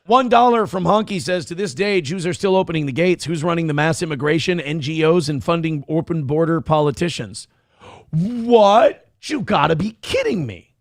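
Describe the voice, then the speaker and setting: A man hosting a morning livestream show, reading donations in loud, crude, fast banter. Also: a little high, animated, no room sound, clean studio sound.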